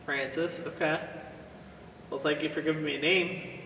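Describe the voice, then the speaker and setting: A calm, measured man on a ghost-hunting vlog, talking to an unseen spirit and counting down slowly in a fairly high voice. He is caught from a little way off in an echoey empty office at night, and the reverb hangs after each line. A faint hiss sits underneath. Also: vocal fry. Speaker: paranormal investigator. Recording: echoey room, mic some distance off, faint noise.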